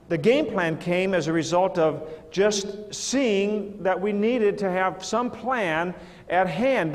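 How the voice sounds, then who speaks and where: A middle-aged man preaching as an evangelist, telling stories in an animated way with many stammered repetitions. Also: sits high. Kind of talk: storytelling sermon to a live audience. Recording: reverberant hall, live audience.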